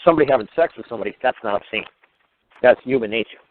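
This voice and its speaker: A man's voice: mid-range voice, lively intonation, very fast. A man hosting a radio talk show, ranting with crude, mocking, swear-filled talk. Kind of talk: profane ranting monologue. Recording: tinny phone-line radio audio.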